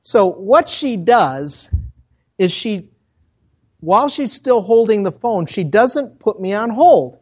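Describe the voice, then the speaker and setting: Minnesotan pastor telling a story. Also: male voice, sits high, big pitch swings, slow, a little mellow, breathy edge, highs cut off. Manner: conversational, with self-interrupting asides. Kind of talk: storytelling sermon.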